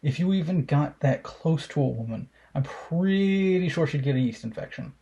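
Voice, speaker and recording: A man's voice: on the high side, animated, normal speed, gravelly, mellow, slightly rough, muffled recording. A young man giving casual, profane commentary while reacting to memes, mocking and sarcastic.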